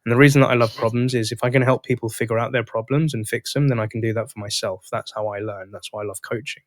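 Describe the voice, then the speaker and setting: A man hosting a podcast, telling a coaching story in a casual, animated way. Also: medium pitch, fast talker, dry recording. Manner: animated, acts out both sides of dialogues. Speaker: podcast host and sales coach.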